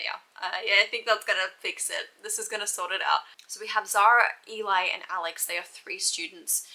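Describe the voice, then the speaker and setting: Bright-voiced Australian woman chatting books. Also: medium pitch, low-quality recording. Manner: chatty, gushing, laughs often. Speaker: book vlogger. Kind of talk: casual chat.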